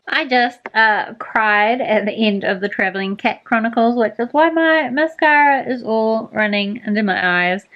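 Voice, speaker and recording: A woman's voice: a little high, a bit bright, rough recording. A woman talking casually in a reading vlog, rambling and chatty, often correcting herself mid-sentence. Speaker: book vlogger.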